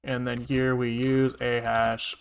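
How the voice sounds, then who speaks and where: A man's voice: mid-range voice, little pitch movement, slow pace, gravelly, clean tone. A man live-streaming his programming, thinking aloud and muttering to himself with casual swearing, keyboard clicks behind him. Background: keyboard typing and clicking.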